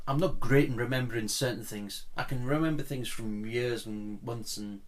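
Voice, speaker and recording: A man chats his way through a whisky review at home in a steady mid-range voice. He rambles and wanders off topic, then turns things back on himself with a self-deprecating aside. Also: mid-range voice, moderate pace. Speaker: whisky vlogger reviewing a dram. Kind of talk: casual home review chat. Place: at home, indoors, blinds closed.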